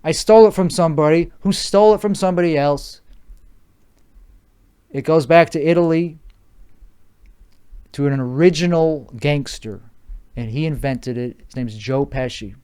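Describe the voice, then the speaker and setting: A man with a fairly high voice speaks at a normal speed, leaving long pauses, his tone dark and clean. He's a podcast host faking a Chicago accent, overtired and short on sleep, rambling through a solo monologue that's profane, argumentative, and repetitive.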